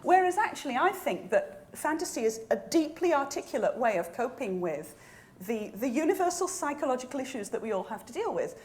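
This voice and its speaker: Woman author on a festival panel, dry wit, clear argument, slightly high pitch. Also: big pitch swings, a little fast, a little mellow. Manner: articulate, wry. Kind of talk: panel discussion. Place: festival stage.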